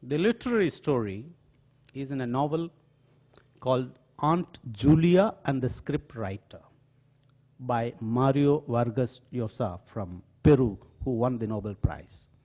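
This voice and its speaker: An older man with an Indian accent lectures in an auditorium, his medium-pitched voice unhurried as he tells one dramatic story after another. His delivery is animated and theatrical, a storytelling lecture throughout.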